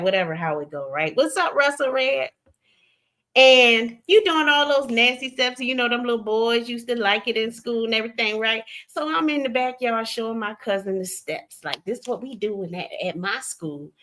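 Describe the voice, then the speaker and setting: A woman with a Southern US accent hosting a casual livestream. She tells stories with big swings between loud outbursts and hushed asides. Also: mid-range voice. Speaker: livestream host.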